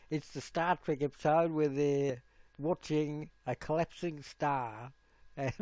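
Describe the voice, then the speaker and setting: A man chatting casually on a live stream, giggly and playful, sometimes breaking into high squeals. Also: warm tone, no echo.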